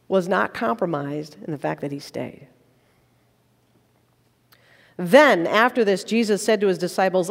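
A woman preaching a sermon in a church, praying and reading scripture with conversational, playful asides. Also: mid-range voice. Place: church sanctuary. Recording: long reverb of a large church.

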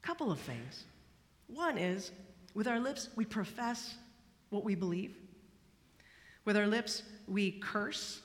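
A woman preaching a sermon, expressive, moving between hushed, slow passages and emphatic ones. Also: mid-range voice. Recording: long hall reverb.

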